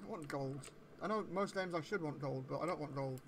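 A man giving gameplay commentary, excitable and swearing a lot, with sudden yelps when something scares him. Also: a little high, a little fast, a little hiss or hum. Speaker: let's play gamer.

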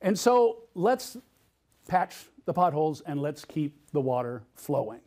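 A man's voice: on the high side, sing-song, measured pace, a little mellow. A middle-aged man giving a conference keynote, telling a personal story and quizzing the audience with questions. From United States. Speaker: keynote speaker.

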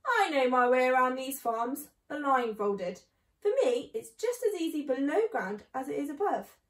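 A woman's voice: high-pitched, expressive, a little slow. A woman voicing a sly, boastful father fox who grins and gives orders, in a storybook reading. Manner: grinning, showy and commanding. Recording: echoey room.

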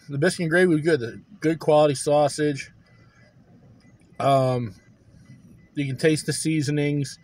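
A man casually reviewing breakfast dishes, talking haltingly with many pauses and restarts. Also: a little high, a little hiss or hum. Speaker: food reviewer.

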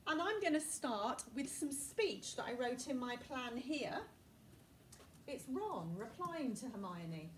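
A chatty teacher talks her pupils through her own writing, her voice fairly high and bouncing a lot in pitch. The mic sits some way off in a classroom, picking up faint room noise. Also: big pitch swings, takes it slowly, far from the mic. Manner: chatty, thinking aloud, modelling her writing. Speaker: primary school teacher. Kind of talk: recorded writing lesson.

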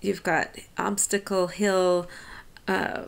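An American woman professor reads verse in an unhurried way and then talks it through in easy, chatty asides. Her voice has a gravelly, creaky edge at a middle pitch. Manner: reads verse slowly, then explains in relaxed conversational asides. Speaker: college professor. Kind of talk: lecture on a poem, reading lines aloud and explaining.

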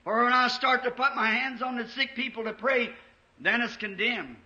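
A man preaching an impassioned revival sermon in a church, rising to shouts at the peaks. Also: very high-pitched, normal speed. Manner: impassioned, shouting at peaks, old-time Southern US preaching cadence. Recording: echoey church, dull 1950s tape.

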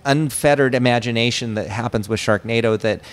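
A man, a film director guest in a casual interview, telling stories in an animated way and acting out his characters' lines. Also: mid-range voice, a little fast. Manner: animated storyteller who acts out character lines.

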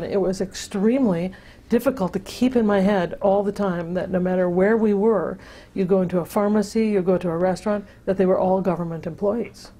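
A woman's voice: medium pitch, mellow. An older woman recounting memories in an oral history interview, telling her story with many restarts and fillers. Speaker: interviewee, sister-city project founder.

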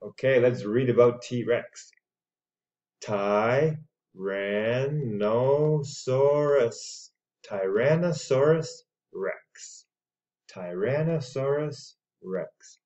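A man gives a children's English lesson, stretching every word out very slowly so young learners can repeat it. His voice is mellow and dark, caught on a dull, lo-fi recording. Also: mid-range voice. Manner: slow, drawn-out words for repeating; playful, voices the dinosaurs speaking. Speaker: English teacher.

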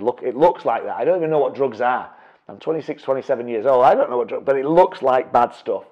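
A man's voice: mid-range voice, dull audio. A middle-aged man teaching property investing through a personal story, acting out his own reactions with big jumps in voice. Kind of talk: storytelling presentation.

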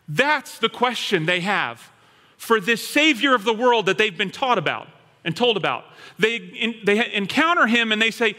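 A male pastor preaching a sermon in an animated storytelling manner. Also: high voice, normal speed. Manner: animated storytelling, acting out quoted voices. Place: church hall. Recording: long hall reverb.

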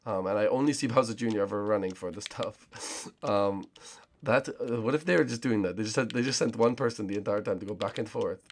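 A young man hosting a gaming channel, giving excited gameplay commentary in a hyped way, repeating himself and calling out other players. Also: mid-range voice, gravelly, slight background noise.

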